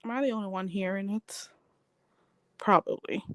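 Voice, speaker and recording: A woman's voice: mid-range voice, normal speed, no echo. A Jamaican woman ranting on a live stream, sassy and mocking, calling her target "child". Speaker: vlogger.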